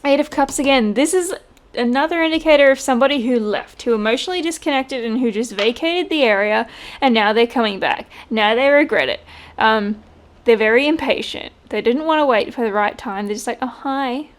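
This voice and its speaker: A woman giving a casual tarot reading, chatty and quick to laugh. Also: fairly high pitch. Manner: chatty, laughs often, mimics voices in quotes. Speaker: tarot reader.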